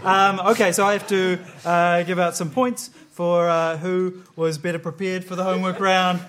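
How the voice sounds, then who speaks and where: A man's voice: high-pitched, flat delivery, normal speed, fairly bright tone, a little hiss or hum. A man hosting a comedy panel game in a loose, filler-heavy, good-humoured way. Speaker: quiz host.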